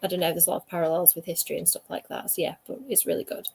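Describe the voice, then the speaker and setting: A woman's voice: fairly low pitch, little pitch movement, racing, vocal fry, darkish tone, breathy edge. A woman hosting a casual livestream, chatting about books and reading out viewer comments with lots of fillers. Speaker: livestream host.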